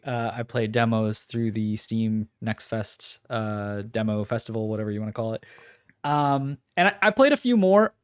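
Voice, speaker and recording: A man's voice: medium pitch, smooth. A man co-hosting a podcast, talking casually and rambling as he recaps game demos with lots of fillers. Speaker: podcast co-host.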